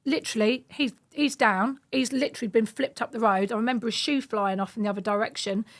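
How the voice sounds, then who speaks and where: A woman in her thirties, a podcast guest, telling stories in a casual, animated way and acting out the voices in them. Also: fairly high pitch, fast talker. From United Kingdom. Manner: animated, acts out quoted voices. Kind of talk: casual storytelling.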